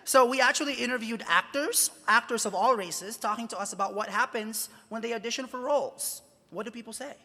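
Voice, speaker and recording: A man with a bright, forceful voice addresses a room of students. He fires off rhetorical questions with real emphasis. The sound carries a long hall reverb. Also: very high voice, brisk, hardly any pauses. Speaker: journalist giving a talk. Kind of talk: conference talk to students. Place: large convention hall.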